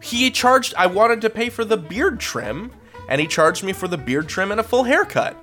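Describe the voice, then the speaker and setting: A man tells a funny story in a relaxed, chatty way, and his voice swings widely in pitch as he acts out the people in it. A little guitar music plays quietly underneath. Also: normal speed. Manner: animated, acts out quoted people with big pitch jumps. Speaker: podcast co-host telling a story. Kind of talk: casual comedic storytelling.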